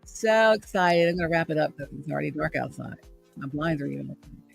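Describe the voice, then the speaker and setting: A woman's voice: deep voice, steady tone, fast, creaky, soft background music. A woman hosting a motivational livestream from her home, speaking in an upbeat, repetitive, preachy way. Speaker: host and radio traffic reporter. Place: home room in the evening.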